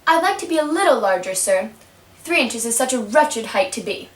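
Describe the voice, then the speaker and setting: Eager young puppet girl voiced by a woman, high lively pitch, distant echoey recording. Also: fairly quick, close to an everyday voice. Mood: curious. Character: polite curious young girl, earnest. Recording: roomy, mic set far off.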